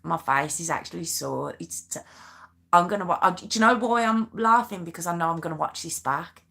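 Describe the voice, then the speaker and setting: A woman's voice: on the low side, brisk, gravelly, pushed and bright. A woman hosting a live stream, chatting casually with viewers in a giggly, self-mocking, rambling way. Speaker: true crime live-stream host.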